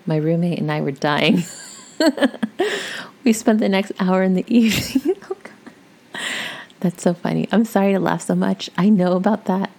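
A woman's voice: fairly low pitch, normal speed, gravelly, pauses often, a little mellow. A woman reading a story aloud in a chatty, conversational way, with casual asides to her listeners. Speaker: story reader.

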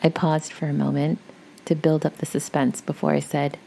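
A woman's voice: low voice, flat delivery, normal speed, vocal fry, warm tone, a little hiss or hum. A woman reading a story aloud in a chatty, conversational way, with casual asides to her listeners. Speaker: story reader.

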